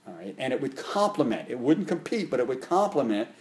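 Talking briskly, an animated middle-aged martial arts instructor shares stories as an interview guest. He tends to ramble, restarting frequently and leaning on fillers, with his voice shooting up in pitch and loudness as he gets animated.

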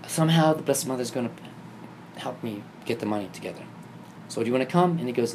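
A man telling a personal story in casual conversation, acting out the quoted dialogue with lively shifts. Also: mid-range voice, quick pace, a little hiss or hum. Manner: animated, acts out quoted dialogue. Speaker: guest telling his story.

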